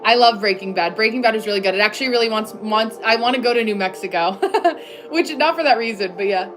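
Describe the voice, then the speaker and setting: She talks fast with a fairly high pitch as music plays in the background. The host, a woman from the United States, chats casually with viewers from her home desk, leaning on "like" and laughing a lot.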